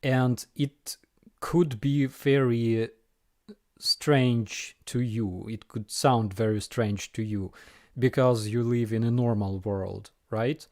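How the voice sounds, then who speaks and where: A man with a Ukrainian accent hosting a casual live Q&A, answering viewer questions in an unhurried way with frequent ums and dry jokes. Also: medium pitch, steady tone, a little mellow, dry recording. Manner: unhurried, frequent ums and uhs, dryly joking.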